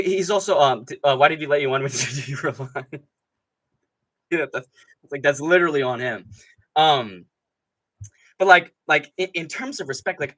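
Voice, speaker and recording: Hyped guy ranting on his fight stream, swears a lot, voice jumps all over, bright and sharp. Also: a little high. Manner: excitable, profane, rambling with frequent "dude" and laughs. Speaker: MMA streamer host. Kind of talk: live stream commentary, casual rant.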